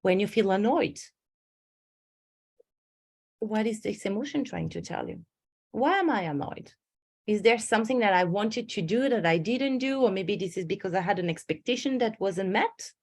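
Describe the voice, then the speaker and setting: A woman's voice: mid-range voice, lively intonation, moderate pace, a little mellow, breathy edge. A middle-aged woman, a stress management coach giving a webinar and telling stories with acted inner voices. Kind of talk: webinar presentation.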